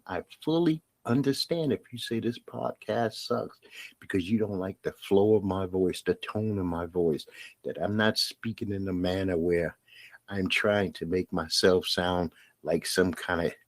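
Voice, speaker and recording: A man's voice: lowish voice, dry recording. A middle-aged man with a Brooklyn New York accent, hosting a solo podcast monologue in a blunt, emphatic way, hammering his points home by repeating them. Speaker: podcast host.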